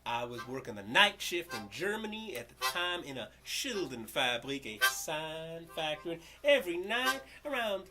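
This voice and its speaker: A man from the United States performing a spoken-word story poem, loud and expressive in his telling. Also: a little high, moderate pace, few pauses, soft background music. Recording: loud background noise.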